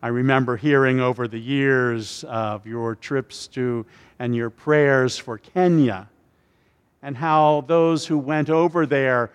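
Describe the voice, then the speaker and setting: Slow-speaking male preacher in a reverberant hall. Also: mid-range voice, steady tone, clean tone. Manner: halting, with repeated words and restarts. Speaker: pastor. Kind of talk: sermon.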